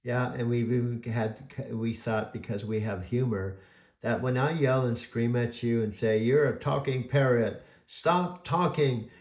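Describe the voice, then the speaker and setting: An older man in his sixties talking to his voice assistant, his voice bouncing around an echoey room. He tells his stories excitably, with restarts and laughter, at a middling pitch. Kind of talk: casual chat.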